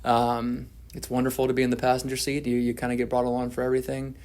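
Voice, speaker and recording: A man's voice: medium pitch, completely flat delivery, fast, a little mellow. A man telling his story at a twelve-step recovery meeting, candid and self-deprecating, often restarting his sentences.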